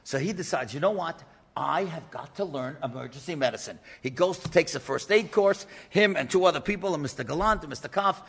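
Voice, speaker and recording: A man, a rabbi, telling a story in an animated lecture and acting out the voices of the people in it. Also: on the high side, brisk, vocal fry, breathy edge. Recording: lecture in a reverberant hall.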